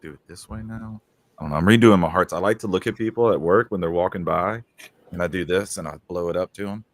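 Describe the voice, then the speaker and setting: A man's voice: deep voice, quick pace. A man co-hosting a casual podcast chat, telling rambling stories and mimicking coworkers. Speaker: podcast co-host.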